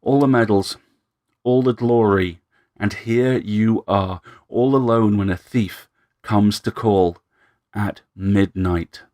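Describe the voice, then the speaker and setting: A man voicing a calm, menacing male thief who mocks and taunts his victim. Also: fairly low pitch, slow pace. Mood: mocking. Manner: mocking, taunting.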